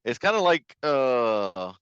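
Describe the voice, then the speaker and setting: A man co-hosting a podcast, chatting casually about a film, profane and quick to laugh. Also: mid-range voice, sing-song, fairly bright tone, smooth, dry recording, lo-fi sound. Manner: loose, profane, laughing storyteller. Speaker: podcast co-host. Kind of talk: casual movie review chat.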